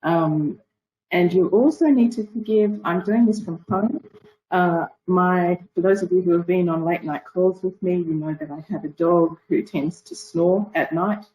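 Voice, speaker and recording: A woman's voice: lowish voice, unhurried, highs cut off. Australian woman speaking in a morning voice. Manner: friendly, chatty, apologetic asides. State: early-morning voice. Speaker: guest speaker. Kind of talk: webinar presentation. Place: home.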